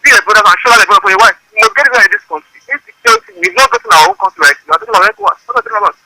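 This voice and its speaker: A man's voice: high voice, wildly swooping pitch, very fast, vocal fry, bright, forceful tone, no room sound, poor audio. A man calling in by phone, rambling and hard to follow, pushing his points harder as he goes. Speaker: phone-in caller. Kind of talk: call-in comment. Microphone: phone line.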